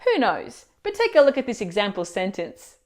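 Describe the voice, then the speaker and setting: A woman teaching Italian pronunciation in a scripted video lesson, explaining words clearly and asking the viewer questions. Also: medium pitch, wildly swooping pitch, moderate pace.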